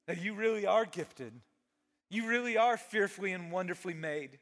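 A middle-aged man preaching an animated, conversational sermon, dropping at times to a soft near-whisper. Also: sits high, normal speed. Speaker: pastor. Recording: long reverb of a large hall.

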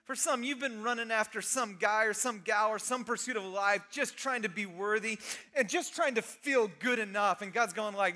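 A middle-aged man preaching an animated, conversational sermon, dropping at times to a soft near-whisper. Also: high voice, moderate pace, faint music behind. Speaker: pastor. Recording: long reverb of a large hall.

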